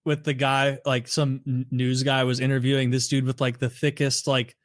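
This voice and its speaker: A man co-hosting a podcast, trading quick banter and joking asides. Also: medium pitch, level tone, no room sound. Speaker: podcast co-host. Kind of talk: casual chat.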